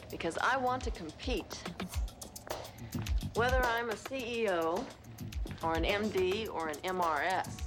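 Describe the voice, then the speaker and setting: A confident actress in an ad, mid-pitch, clear music bed behind. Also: female voice. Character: ambitious actress Helen doing a perfume ad. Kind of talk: TV drama acting.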